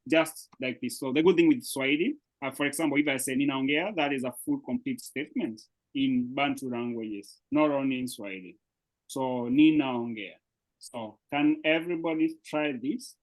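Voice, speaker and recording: This is a live online language class for beginners, taught by a Swahili teacher who explains with patience and keeps checking that students follow along. His mid-range male voice comes through a low-quality recording.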